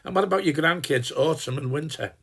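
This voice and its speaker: A man in his eighties playing a gruff, cheeky old working-class dad, rambling and swearing casually in a comic Christmas greeting. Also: on the high side, brisk, a bit bright, full character voice. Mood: jokey. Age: 80s. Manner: rambling and chatty, swears casually, trails off and restarts. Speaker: sending a personalized Christmas video greeting. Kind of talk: rambling in-character comic monologue.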